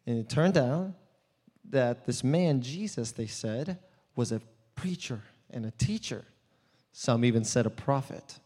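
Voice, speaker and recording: An actor playing an earnest, desperate blind male beggar in a dramatic first-person monologue, swinging between hushed and loud storytelling. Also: medium pitch, lively intonation, a little slow. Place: church hall. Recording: long church hall reverb.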